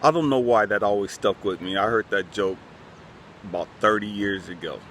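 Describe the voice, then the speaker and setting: A man with a fairly low voice speaks earnestly and conversationally, as if confiding in close friends. He keeps returning to the same refrain as he talks. Faint traffic rumble sits behind him outdoors. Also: normal speed, fairly bright tone. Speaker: channel host. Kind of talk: heartfelt talk to camera.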